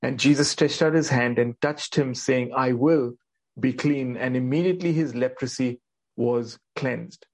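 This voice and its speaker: A man's voice: medium pitch, measured pace, darkish tone. A man preaching a sermon, earnest and emphatic, asking the listeners questions and repeating his key points. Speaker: pastor.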